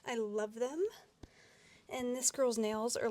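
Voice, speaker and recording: A woman's voice: fairly high pitch, steady tone, slow, darkish tone. A young woman chatting casually through a nail tutorial, giggly and rambling with lots of fillers. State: a bit out of breath.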